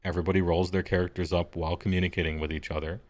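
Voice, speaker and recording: A man's voice: sits low, little pitch movement, rapid-fire. A man hosting a live stream as game master, chatting casually in a laid-back, blunt way with some offhand swearing.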